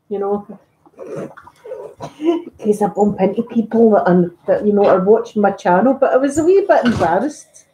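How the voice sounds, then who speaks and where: A woman's voice: medium pitch, dark tone, slight background noise. A woman with a Scottish accent chatting casually on a live stream while ironing at home, talking in a rambling, self-deprecating way. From Scotland. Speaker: ASMR YouTuber. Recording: echoey room.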